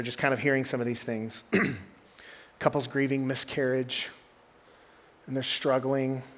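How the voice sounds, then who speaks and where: A young adult man, preaching a sermon as a groups pastor in a conversational storytelling way. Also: medium pitch. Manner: conversational storytelling, drops to quiet intensity.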